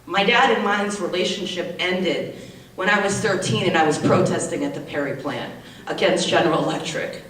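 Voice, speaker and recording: A woman's voice: lowish voice, moderate pace, fairly bright tone. A woman in her forties from the United States gives an indignant, emotional public comment at a hearing, repeating her points. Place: large public meeting hall. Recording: echoey hall, distant mic, faint noise.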